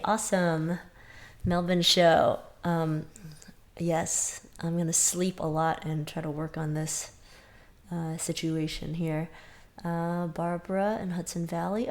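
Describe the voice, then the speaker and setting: Woman, music teacher on a webcam stream, slow easy delivery, a touch under the weather. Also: on the low side, a little mellow. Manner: chatty, reads out viewer names one by one. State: slightly sick with a runny nose. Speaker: music teacher hosting a live lesson. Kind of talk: casual livestream greetings. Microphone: webcam mic, leaning in and backing away.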